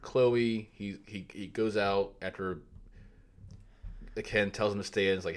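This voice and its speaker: A man's voice: deep voice, little pitch movement, measured pace, slight background noise. A man co-hosting a casual film podcast, laid-back and profane. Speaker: podcast co-host.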